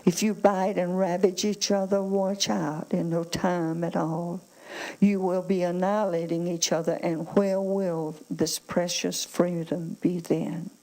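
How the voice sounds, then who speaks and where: A woman's voice: on the low side, flat delivery, a little slow, warm tone, rough recording. A woman preaching a sermon, calling on the congregation for amens and reading scripture aloud with emphasis. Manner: calls out to the congregation, asks for amens.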